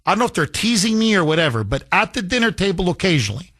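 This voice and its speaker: A middle-aged man hosting a talk radio show tells a personal story in casual chat, acting out the voices he quotes and restarting often. His high, sing-song voice is a bit bright and very fast, captured in a clean studio with no echo.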